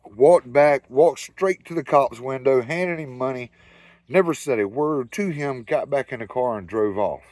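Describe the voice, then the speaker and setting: A man's voice: medium pitch, a little slow, a little mellow, no room sound. A man with a Southern US accent telling a rambling, profane anecdote in casual storytelling style. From Southern United States. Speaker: storyteller host.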